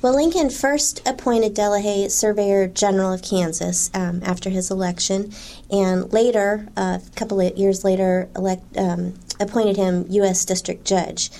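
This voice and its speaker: A woman's voice: medium pitch, steady tone, normal speed, mellow. A woman guest answering interview questions about history, thoughtful and hesitant, with frequent fillers. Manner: thoughtful, with frequent ums and small laughs.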